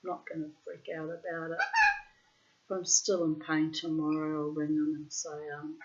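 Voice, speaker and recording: A woman's voice: sits low, completely flat delivery, moderate pace. Frank, profane middle-aged woman, lo-fi. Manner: frank and profane, breaks into loud laughter. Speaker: diarist reading her journal aloud. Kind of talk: casual spoken monologue with diary readings. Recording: dull, lo-fi sound.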